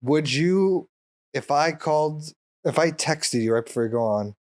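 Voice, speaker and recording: A man's voice: on the high side, expressive, unhurried, no echo, studio quality. A man co-hosting a podcast, chatting casually, joking and laughing often. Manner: laughs often, chimes in with jokes. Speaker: podcast co-host. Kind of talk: casual comedic chat.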